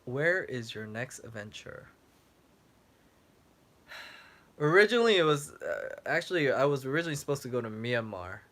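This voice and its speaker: Bright-voiced man rambling on a livestream. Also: mid-range voice, a little fast, hardly any pauses. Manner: rambling, answers viewer questions with fillers. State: losing his voice, clearing throat. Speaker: travel vlogger on a livestream. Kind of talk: casual live-stream chat.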